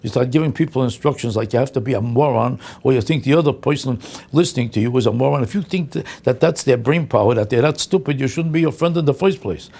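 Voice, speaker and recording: A man's voice: medium pitch, quick pace, creaky, a little mellow. An older man delivering a comic rant, indignant and incredulous, piling up exasperated insults. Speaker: comedian. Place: home vlog.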